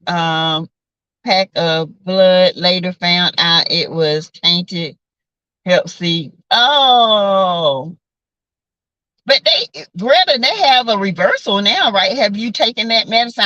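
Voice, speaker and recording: A sassy Southern woman tells stories to her viewers in a bright, lively voice that swings high and low. She swears freely and calls everyone honey and baby. The sound is close and dry. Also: no echo, highs cut off. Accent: Southern American. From South Carolina. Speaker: vlogger chatting with live viewers. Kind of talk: casual storytelling chat.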